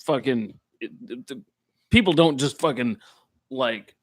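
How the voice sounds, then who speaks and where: A man's voice: medium pitch, animated, unhurried, dry recording. A man in a casual podcast chat giving blunt, profane opinions. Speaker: podcast co-host.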